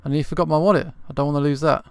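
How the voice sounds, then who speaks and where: Cheeky eager bird sidekick voiced by a man, fairly high, smooth, lively. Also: rapid-fire, lightly acted.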